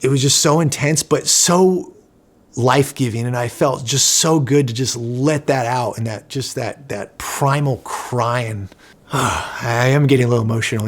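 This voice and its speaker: A man's voice: medium pitch, a little slow. Earnest man telling a personal story. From Southern California. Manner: earnest and emotional, many fillers and restarts. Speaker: vlogger, inventor.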